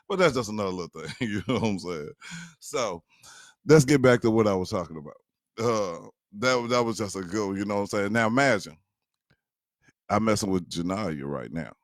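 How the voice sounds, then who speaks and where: Older grandfather type, low voice, chatty and teasing, talks straight to his viewers. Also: animated, brisk, dry recording, studio quality. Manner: chuckling, teasing, keeps addressing listeners as y'all. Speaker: grandfather telling family stories. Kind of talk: casual storytelling to viewers.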